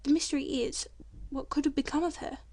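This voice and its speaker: A woman's voice: sits high, steady tone, a little fast, gravelly, darkish tone. A woman reading as a hearty young man. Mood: friendly. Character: young man, cheerful and friendly.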